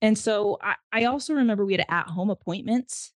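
A woman's voice: medium pitch, fairly quick, no echo. A woman in her thirties, a mother and podcast guest, telling her story in an earnest, reflective way. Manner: earnest, reflective, emotional retelling. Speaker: guest, mother of a child with special needs. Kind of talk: candid interview storytelling.

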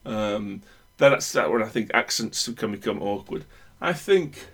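A man's voice: fairly low pitch, expressive, a little slow, creaky, fairly bright tone, breathy edge. A man with a broad northern English accent talks casually, offering his opinions at length. He often stops and restarts his sentences as he works through a thought. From Northern England. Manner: opinionated, rambling with many restarts. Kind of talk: casual chat.

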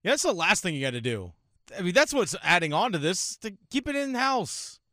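A man's voice: high-pitched, big pitch swings, brisk, bright, forceful tone, dry recording, clean studio sound. A man co-hosting a sports talk show, chiming in with short, agreeing comments. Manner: brief interjections, agreeing.

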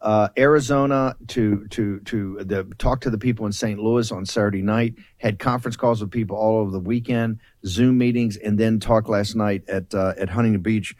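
A man's voice: lowish voice, fairly even intonation, normal speed, hardly any pauses, darkish tone, dry recording, studio quality. A man hosting a political talk show, talking emphatically, repeating himself and cutting in on his guest. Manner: emphatic, repetitive, interrupts guest. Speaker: show host.

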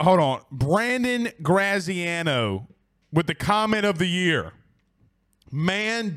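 A man hosting a casual sports show, reading out listener comments, excitable with frequent laughs and rambling restarts. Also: high-pitched.

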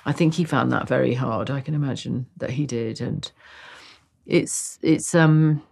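A woman in her sixties, a guest in a relaxed interview, talking in an animated way with restarts and wry self-mockery. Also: a bass voice, measured pace, creaky, slightly rough. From Britain. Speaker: guest actress.

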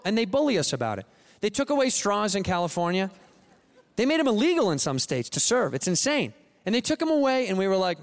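High-pitched ranting comedian man. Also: sing-song, a little fast. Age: 30s. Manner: ranting, exasperated, swings loud. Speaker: stand-up comedian. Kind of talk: stand-up comedy set. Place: theater stage with audience.

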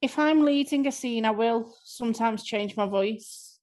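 A woman's voice: on the high side, measured pace, a little mellow. A woman with a Scouse accent, an improv performer answering interview questions in a chatty, self-deprecating way.

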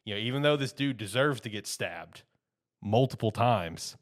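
A podcast host talks through the episode in a relaxed, rambling way. He leans on fillers and restarts and sounds easygoing. His voice sits a little on the low side. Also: normal speed. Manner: rambling, filler-heavy, loose and chatty. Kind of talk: casual anime episode recap.

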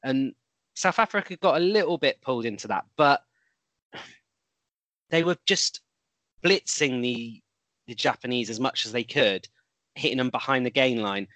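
A man's voice: mid-range voice, moderate pace, pauses often, a bit bright, dry recording. A man co-hosting a casual rugby chat, rambling a little with restarts and fillers. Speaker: podcast co-host.

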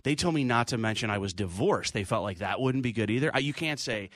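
A man's voice: on the low side, quick pace, no room sound, studio quality. A man who is a comedian, telling stories in casual chat and acting out the people he quotes. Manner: animated, acts out quoted voices. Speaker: comedian guest.

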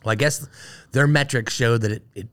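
A man's voice: mid-range voice, fairly quick, a bit bright. A man on a casual chat show, telling a long story full of asides and acted-out quotes. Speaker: guest, brewer.

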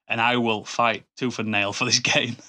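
A man's voice: mid-range voice, level tone, normal speed, bright, forceful tone. A man co-hosting a podcast in casual chat, enthusiastic and rambling, often restarting his sentences. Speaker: podcast co-host.

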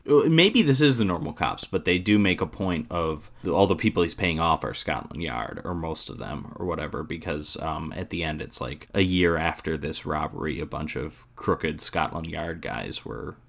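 A man's voice: very deep voice, moderate pace, gravelly, few pauses. A man co-hosting a podcast, chatting casually and with energy as he walks through a film's plot. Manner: animated, chatty, spells out plot details. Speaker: podcast co-host. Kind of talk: casual movie-review chat.

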